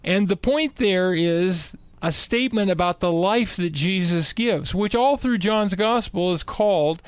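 A man explaining Bible passages in conversation, emphatic and animated. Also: high-pitched, a little slow, clear, resonant tone, dry recording. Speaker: Bible teacher guest.

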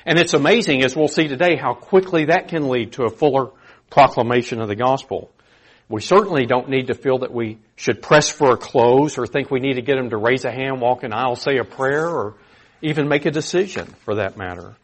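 A man preaching a sermon in an earnest, conversational way, with animated emphasis. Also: medium pitch, a little fast, husky.

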